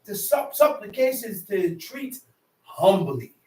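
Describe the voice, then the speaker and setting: A man preaching a sermon with shouted, impassioned bursts, dropping into slow definitions and casual street talk, calling his listeners "man.". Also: high-pitched, big pitch swings. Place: worship hall. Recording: echoey room, mic far off.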